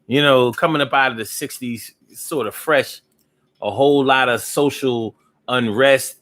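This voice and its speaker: A man's voice: medium pitch, measured pace, fairly bright tone. Rambling laid-back man on a live stream. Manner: loose and rambling, slips into freestyle rhyming. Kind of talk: casual live chat reading viewer comments.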